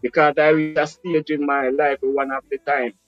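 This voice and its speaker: A man's voice: on the high side, little pitch movement, moderate pace, no room sound, muffled recording, faint music behind. A Jamaican man telling his life story earnestly as an interview guest, slipping into patois, heard over a phone on a live call. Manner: earnest, speaks in Jamaican patois-tinged English.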